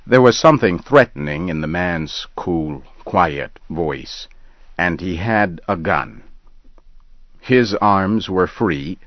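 Deep voiced guy reading a story super slow, dry close sound. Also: animated, no echo. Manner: slow, measured reading aloud. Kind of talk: scripted story narration. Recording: dull lo-fi recording.

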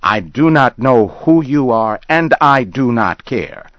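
A man's voice: low-pitched, very animated, moderate pace, bright, forceful tone, husky, no echo, full character voice. A man voicing a small bespectacled landowner who is scared but stubborn, raising his voice in short, insistent demands. The recording sounds dull and lo-fi. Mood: angry, defiant.

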